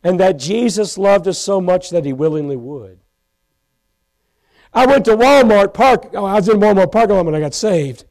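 A preacher gives a heartfelt testimony from a church pulpit. His voice sits unusually high for a man and carries a gravelly rasp. He swings between stretched-out, emphatic phrases and full-throated shouts. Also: lively intonation, poor audio. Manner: impassioned, bursts into shouts, slows for emphasis. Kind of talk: sermon testimony. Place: church pulpit, live stream.

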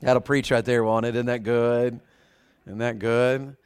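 A man's voice: medium pitch, flat delivery, a little slow, clean tone, dry recording. A man with a Southern US accent preaching a fervent revival sermon, often putting questions to the congregation. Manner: fervent, asks the crowd questions.

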